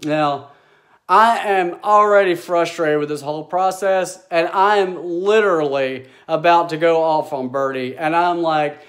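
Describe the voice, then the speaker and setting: A man's voice: fairly high pitch, a little slow. Exasperated man telling a story. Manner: exasperated, animated retelling with quoted dialogue. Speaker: vlogger. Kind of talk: casual storytelling.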